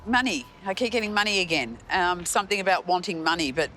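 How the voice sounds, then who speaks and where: A woman psychic, describing her impressions in halting, searching speech. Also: fairly low pitch, lively intonation, bright, forceful tone, soft background music.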